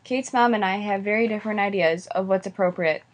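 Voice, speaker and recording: Stern middle-aged mom, read by a woman, calm and firm, storybook. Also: medium pitch, a little fast, lightly acted.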